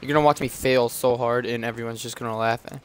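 A man's voice: mid-range voice, steady tone, quick pace. A young man streaming a game live, rambling to his chat with restarts and asides. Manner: chatty, rambling, talks to chat. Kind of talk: live gameplay commentary.

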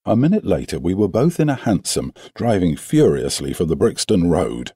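A man narrating an audiobook in a measured, storytelling way, close to a studio microphone. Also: deep voice, big pitch swings, warm tone, breathy edge, no room sound.

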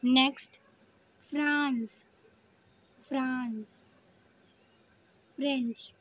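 A woman teaching a lesson, saying each word slowly and spelling it out letter by letter. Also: high voice, fairly even intonation, low-quality recording. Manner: slow and deliberate, spells words letter by letter.

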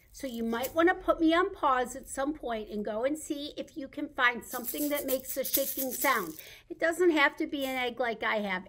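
A woman leading a recorded baby storytime at a library, talking in an animated sing-song way for babies and caregivers. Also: high-pitched. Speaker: children's librarian. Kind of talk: baby storytime with songs and reading.

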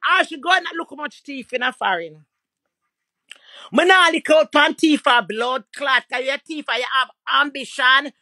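Loud ranting Jamaican woman, high bright voice. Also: moderate pace, dry recording. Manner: loud, aggressive, profane ranting with mocking insults. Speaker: social media personality. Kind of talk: angry diss rant to camera.

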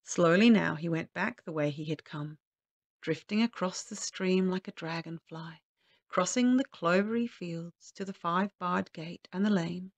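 A woman telling a children's story aloud in a gentle, lilting, expressive way. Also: fairly low pitch, a little slow, dry recording, highs cut off.

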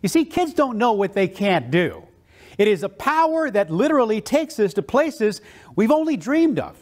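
Animated keynote speaker man, lively pitch. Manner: animated, with slow dramatic pauses on key words. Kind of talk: storytelling keynote speech.

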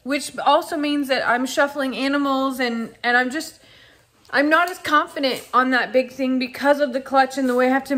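A woman's voice: high voice, fairly bright tone. A young woman chatting casually to her vlog audience about farm life. She gushes with emotion, often laughing and sighing as she talks. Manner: gushing and emotional, frequent laughs and sighs. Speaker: farm vlogger. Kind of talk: casual vlog chat to camera.

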